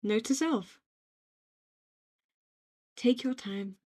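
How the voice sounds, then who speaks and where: A young British woman gently rambling in a soft-spoken ASMR-style note to herself, reflective and quietly affirming, recorded on a home microphone. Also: on the high side, drawn-out words. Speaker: ASMR creator.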